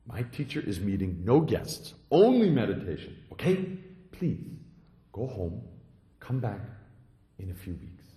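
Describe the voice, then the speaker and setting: An anxious, protective young temple attendant guards the gate, as a man puts him on. His pitch leaps about as he insists, and the words ring out in a roomy hall with a long tail of reverb. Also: big pitch swings, measured pace, pauses often. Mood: firm. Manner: insistent, rising to angry shouting. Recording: echoey hall.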